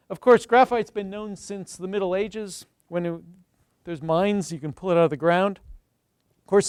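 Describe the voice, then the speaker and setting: Man, middle-aged, chemistry professor, high voice, smooth and clear, dry close sound, lively lecturing tone. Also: no echo. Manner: enthusiastic, storytelling, addresses the audience directly. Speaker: chemistry professor giving a seminar. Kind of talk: university lecture. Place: lecture room.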